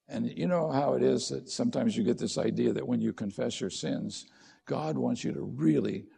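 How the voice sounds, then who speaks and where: Man, middle-aged, pastor, sermon, husky, mellow tone. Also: mid-range voice. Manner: conversational preaching with rhetorical questions.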